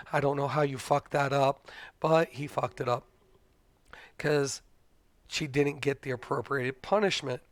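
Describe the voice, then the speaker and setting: A middle-aged man and father, casually telling a story to his stream in a blunt, animated way, swearing freely. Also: mid-range voice, no room sound.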